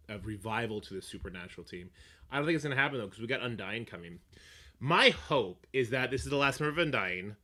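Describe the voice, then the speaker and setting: A man streaming live, chatting casually with viewers, swearing often and getting animated. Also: medium pitch. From Canada. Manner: profane, animated, answers chat. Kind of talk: casual livestream chat.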